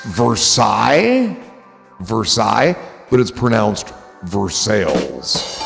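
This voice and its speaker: A man's voice: mid-range voice, gravelly, big-room sound. A man hosting a casual livestream, rambling in a goofy, profane way to his chat. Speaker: livestream host.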